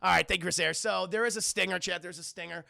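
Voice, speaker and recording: Excitable male streamer, high, gravelly voice, dry close sound. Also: quick pace, no echo. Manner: excitable, profane, frequently addresses the chat. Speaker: streamer and film reviewer. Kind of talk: casual film recap to a live chat.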